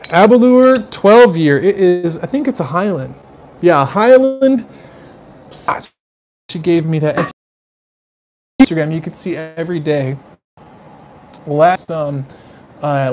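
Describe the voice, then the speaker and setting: With a voice on the high side and a darkish tone, a male host of a casual live stream exclaims over what he tastes and smells. He talks to viewers in a loose, rambling, chatty way, and the clip carries a bit of hiss or hum.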